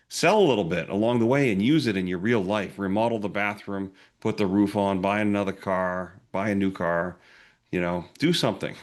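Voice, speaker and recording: Male advisor guest, deep voice, plainspoken, conversational. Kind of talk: conversational panel discussion.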